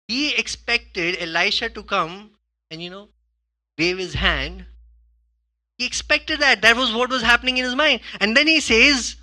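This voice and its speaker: Guy preaching a sermon, high and super bright voice, chatty, keeps saying "okay?", goes quiet then loud. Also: sing-song, normal speed. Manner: conversational preaching, frequent "okay?" and "you know"; swings from hushed asides to loud emphatic bursts. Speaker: pastor.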